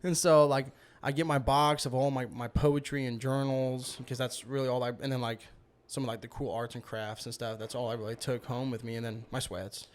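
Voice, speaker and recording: A man recounting a personal story in casual conversation, animated and acting out quoted lines with bursts of laughter. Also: medium pitch, a little fast. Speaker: guest.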